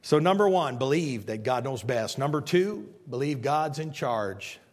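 A man's voice: mid-range voice, expressive, measured pace, big-room sound. A man pastor preaching a sermon, telling stories and emphatically repeating his key points.

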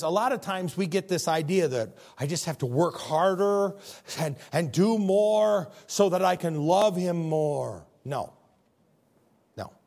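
A male pastor preaches emphatically, stumbling into repeated words as he builds. His husky voice sits a little high and ranges widely in pitch. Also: a little mellow. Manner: emphatic, repetitive restarts. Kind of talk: sermon.

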